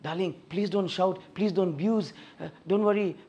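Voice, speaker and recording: A gentle, pleading wife, as her husband puts her on, speaking softly and a little higher than his usual voice. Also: normal speed, dull audio. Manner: soft, pleading.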